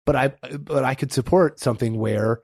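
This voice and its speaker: A man's voice: mid-range voice, normal speed, a little mellow, husky, dry recording, studio quality. A man co-hosting a podcast in casual chat, with a wry, opinionated and joking manner. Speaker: podcast co-host.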